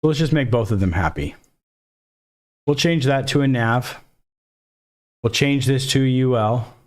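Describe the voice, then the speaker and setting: A man's voice: medium pitch, measured pace. A man teaching a casual screen-recorded coding lesson, thinking aloud and dropping jokey, self-deprecating asides as he works. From Mexico. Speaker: coding instructor.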